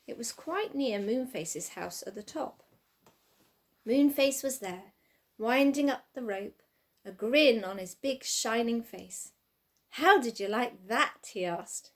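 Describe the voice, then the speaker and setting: A woman reading a children's storybook aloud with expressive, sing-song narration. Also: a little high, slow pace.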